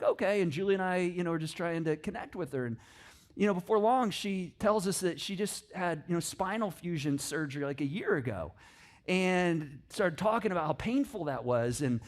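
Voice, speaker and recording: A middle-aged man preaching a sermon as a casual personal story, full of fillers and restarts, dropping low and soft for reflective points. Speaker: pastor. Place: church stage.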